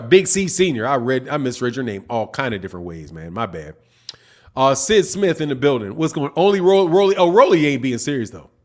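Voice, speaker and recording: A man's voice: a little high, a bit bright. A man hosting a casual boxing livestream, reading chat messages and talking in laid-back slang. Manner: laid-back slangy talk, says man and dog often. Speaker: boxing channel host.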